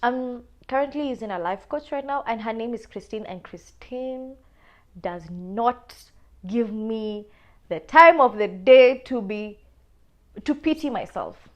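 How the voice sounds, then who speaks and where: Animated young Kenyan woman storyteller. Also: a little high, unhurried. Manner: animated, switches between English and Swahili slang. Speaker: podcast host telling a personal story. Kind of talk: casual storytelling monologue.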